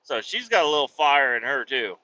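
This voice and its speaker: A man in his thirties chats through a vlog about his kids and his trucking job, his voice bright and cutting with a lively, swooping pitch. He swears casually and slips into his kids' voices. The sound is dull and lo-fi. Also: a little fast. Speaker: vlogger, truck driver.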